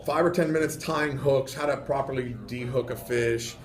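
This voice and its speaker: A man's voice: medium pitch, moderate pace. Guy rambling fishing stories on the radio, lots of uhs, roomy echo. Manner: animated storyteller, many fillers. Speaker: fishing guest. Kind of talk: casual radio studio chat. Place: radio studio.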